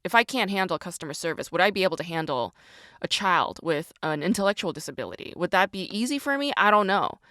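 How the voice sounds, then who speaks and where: Low-voiced woman ranting with profanity. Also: expressive, fast talker, sharp tone, no echo, clean studio sound. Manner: confessional and self-questioning. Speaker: podcast host. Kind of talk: candid podcast monologue.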